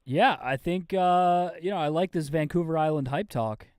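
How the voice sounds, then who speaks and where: A man runs a late-night call-in stream with loose, foul-mouthed joking. His voice is smooth and a touch high. He sounds tired, and the recording is dry and close. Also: normal speed, a little mellow, dry recording. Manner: loose, joking, swears freely. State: tired, losing steam. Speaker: host taking live calls.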